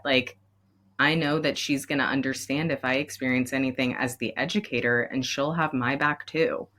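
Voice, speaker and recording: A woman speaking as a school counselor guest in a candid podcast conversation, expressive and laughing often, moved to emotion at times. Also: a bass voice, normal speed.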